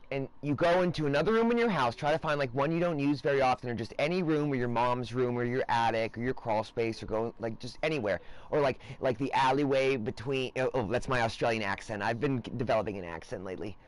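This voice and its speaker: A man's voice: mid-range voice, fairly quick. Rambling man with sudden screaming rants. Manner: erratic, swings into loud profane rants. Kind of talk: rambling casual monologue.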